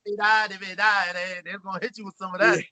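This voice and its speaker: A man's voice: sits high, little pitch movement, brisk, pushed and bright, no room sound. A man hosting a casual chat, reacting with short interjections.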